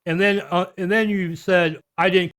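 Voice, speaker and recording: Man, calm and skeptical, level-headed counterpart, higher pitch. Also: moderate pace, over a noisy crowd. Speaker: friend in conversation. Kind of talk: casual conversation.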